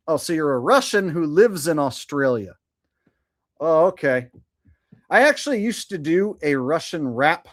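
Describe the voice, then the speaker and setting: A man's voice: a little high, big pitch swings, measured pace. A man in his forties hosting a live stream in casual chat, reading out viewer messages. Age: 40s. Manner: chatty, reads viewer messages aloud. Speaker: streamer host.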